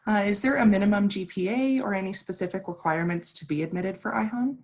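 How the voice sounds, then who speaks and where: A woman moderating a panel Q&A over a video call, upbeat and quick to laugh. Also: medium pitch, darkish tone. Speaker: webinar moderator.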